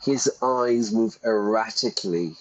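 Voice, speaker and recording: A man's voice: lowish voice, a little slow, low-quality recording. Man from britain or ireland, english teacher, reads game text aloud, explains words, livestream. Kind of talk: teaching while playing.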